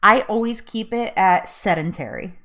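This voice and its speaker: A woman's voice: medium pitch, moderate pace, a bit bright. A woman in her thirties hosting a casual live chat, chatty, laughing often and tripping over words. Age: 30s. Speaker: host.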